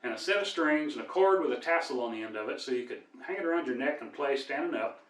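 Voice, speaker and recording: Folksy older Midwestern storyteller, roomy sound. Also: male voice, medium pitch, expressive, quick pace. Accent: American Midwest. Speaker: storyteller and cowboy singer. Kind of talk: folksy joke telling. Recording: echoey room, mic at a distance.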